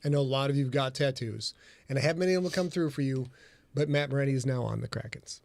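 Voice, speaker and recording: A man's voice: mid-range voice, fast, gravelly, a little mellow, dry recording. A man hosting a casual podcast chat, joking around and getting flustered, restarting his sentences. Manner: jokey, flustered, rambling with restarts. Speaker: podcast host and author.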